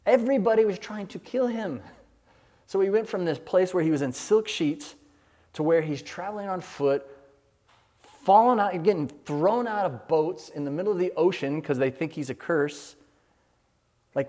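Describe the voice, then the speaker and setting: A man's voice: fairly high pitch, lively intonation, moderate pace, mellow, in a large hall. A man preaching a sermon as a pastor, building his points in rhythmic lists and acting out imagined prayers.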